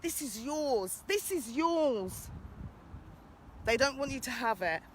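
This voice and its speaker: A woman's voice: high-pitched, lively intonation, slow pace, a little hiss or hum. A British woman giving an urgent, impassioned rant in an outdoor vlog, calling out to people passing by. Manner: urgent, exhorting, calls out to passers-by. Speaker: vlogger.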